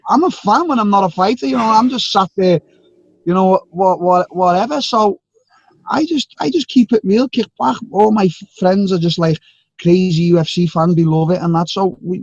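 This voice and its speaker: A man's voice: high voice, husky, no room sound. A young man, a fighter guest on a video call, talking bluntly with swearing and laughing banter. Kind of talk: casual call-in chat. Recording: dull dry call audio.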